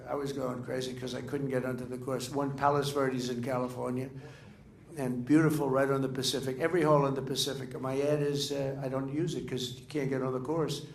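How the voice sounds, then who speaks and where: A man's voice: medium pitch, gravelly, slight background noise. An older man giving a rambling, off-the-cuff speech at a dinner, full of fillers and restarts. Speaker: political speaker. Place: dinner event in a large room. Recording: echoey room with faint ambience.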